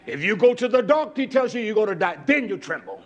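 A male preacher delivering a fiery sermon, swinging between low drawn-out phrases and shouted lines. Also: very animated. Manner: chants and sings repeated words.

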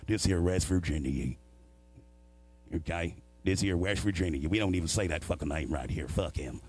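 A man voicing a gruff, bearded rural driver who grumbles low and curses in a drawl. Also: normal speed, darkish tone. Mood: grumbling.

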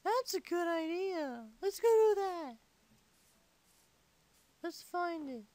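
Doing a full character voice, a man puts on the whiny, squeaky, high-pitched tone of a little boy for a comedic game play-along, rambling off rude, silly remarks. His delivery is slow and a little mellow with lively intonation and a childish mood, recorded with no echo.

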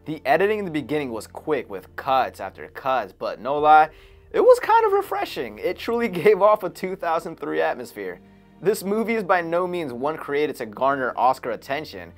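A man talking casually to camera, reviewing a film in an animated, chatty way with frequent chuckles. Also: mid-range voice. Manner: animated, chuckling between remarks, conversational. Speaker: movie reviewer. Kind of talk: casual movie review commentary.

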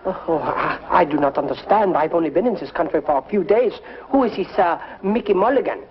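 A man's voice: sits high, lively intonation, brisk. A young man putting on a hammy fake French author. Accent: put-on French. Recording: dull lo-fi TV soundtrack with noise.

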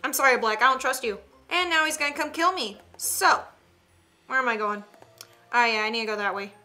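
A young woman, commenting on an online game in a chatty, excitable way with gasps and giggles. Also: a little high, fairly quick. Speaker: gaming streamer. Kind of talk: casual gameplay commentary.

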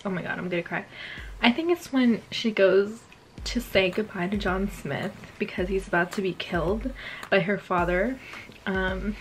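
Young woman, casual vlog chat, gushing, filler words, middle-pitched voice. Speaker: vlogger.

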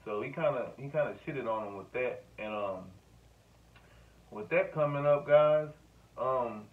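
A man rambles through a profane sports rant, speaking straight to the camera. His voice sits at an ordinary pitch. The sound is thin and phone-like, and he is set back from the mic. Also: measured pace, recorded from a distance. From Louisiana. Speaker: sports vlogger.

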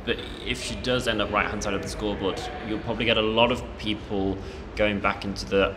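Low-voiced hesitant man. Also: level tone, big-room sound, background noise. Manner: measured, hesitant with fillers. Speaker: panelist. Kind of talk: casual chat.

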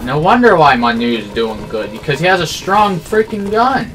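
A man's voice: a little high, sing-song, normal speed, a bit bright. Grumbling man commentating a shooter game. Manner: grumbling, exasperated complaints. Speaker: gamer. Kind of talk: live gameplay commentary. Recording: game music and gunfire under voice. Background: game music and gunfire.

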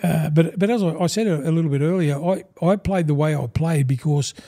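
An older Australian man spins long, rambling yarns in a mellow, dark-toned voice pitched a little above the usual for a man. He keeps throwing in "mate" and slips into the voices of the people in his stories. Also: fairly quick. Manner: rambling, calls the host 'mate' constantly, acts out old conversations. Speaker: guest, former rugby league front rower. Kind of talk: casual storytelling interview.

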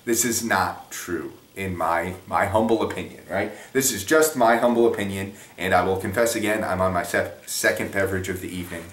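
A man with a low voice talks through basic economics in a loose, conversational way, wandering off on tangents and poking fun at himself. He sits well back from the microphone in an echoey room, so his voice sounds roomy and a little distant. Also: fairly even intonation, fairly quick, few pauses, fairly bright tone. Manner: conversational, rambling, self-deprecating. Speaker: economics explainer. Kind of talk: casual spoken lesson.

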